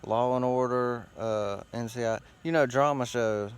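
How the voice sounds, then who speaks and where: A man's voice: mid-range voice, measured pace, clear, resonant tone. A man hosting a show, rambling casually outdoors while sitting against a tree, with loose, profane, meandering talk full of fillers. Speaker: host.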